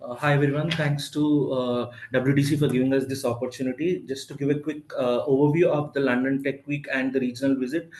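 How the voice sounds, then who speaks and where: A man giving a briefing presentation, halting with many fillers. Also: medium pitch, fairly even intonation, darkish tone, reverberant, poor audio.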